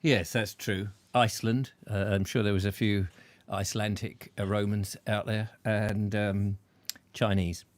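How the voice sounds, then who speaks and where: A man's voice: lowish voice, flat delivery, unhurried, dry recording. A man hosting a casual chat show, rambling in a playful, jokey way. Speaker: show host.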